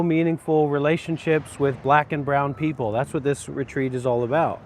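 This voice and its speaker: A vlogger puts on an Australian accent for a comedic travel vlog monologue, joking crudely, swearing, and boasting with ironic bravado. He speaks at a medium pitch and a normal speed, with few pauses.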